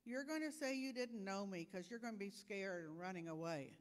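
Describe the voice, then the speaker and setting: A woman speaking the lines of a gentle, sorrowful male teacher in an earnest, plain warning, in a church with a long echo. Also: high-pitched, brisk, natural voice.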